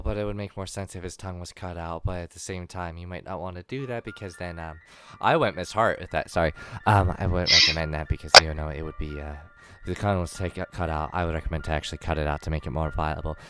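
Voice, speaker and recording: A man's voice: low-pitched, fairly quick, very noisy. A man playing a tabletop game on a voice call, hesitant and apologetic, often stammering and restarting. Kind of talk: casual game chat with in-character asides.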